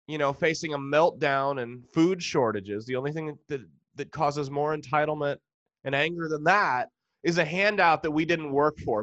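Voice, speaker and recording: Profane ranting American comedian. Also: male voice, a little high, moderate pace, fairly bright tone, no echo, lo-fi sound. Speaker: stand-up comedian. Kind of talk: comedic rant.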